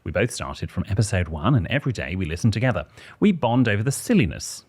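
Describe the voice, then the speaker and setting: An English man with a low voice that swings widely up and down as he reads. He co-hosts a podcast and performs listener letters aloud with a wry, theatrical touch. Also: sing-song, quick pace, darkish tone, breathy edge. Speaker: podcast co-host.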